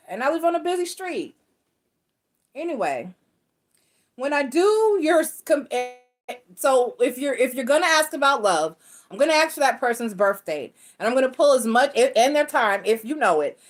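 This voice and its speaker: A woman's voice: a little high, fairly bright tone. A woman, a tarot and astrology reader, explaining things in casual chat to her viewers, rambling with restarts and self-corrections. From North Carolina.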